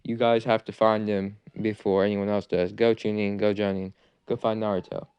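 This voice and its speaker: A man's voice: lowish voice, level tone, normal speed, clean tone, no echo, lo-fi sound, natural voice. A man doing a commanding old village leader. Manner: giving orders.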